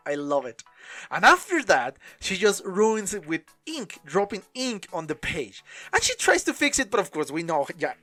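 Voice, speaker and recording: A woman's voice: medium pitch, a bit bright. A woman hosting an anime reaction, talking casually in non-native English and often breaking into laughter.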